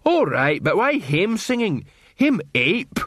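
A man voicing a big, slow-witted male troll watchman who talks in broken grammar. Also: high-pitched, huge pitch swings, a bit bright, dry recording, clean studio sound, voice pushed up, heavily acted. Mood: grumbling.

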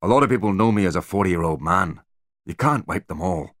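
A man's voice: low voice, expressive, fairly quick, a bit bright, no room sound, studio quality. A man voicing a big, terse male bodyguard who speaks in short, grumbling lines. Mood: gruff wary.

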